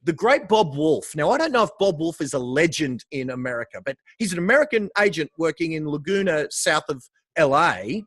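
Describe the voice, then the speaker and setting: An Australian man in casual podcast chat as a guest real estate coach, animated, swearing casually and calling the host bro. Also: on the high side, brisk, no echo.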